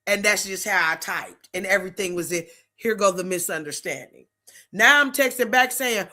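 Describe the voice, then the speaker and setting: A woman's voice: medium pitch, normal speed, sharp tone. A middle-aged woman hosting a faith-based talk show, talking in an emphatic, preachy, conversational way. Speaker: host.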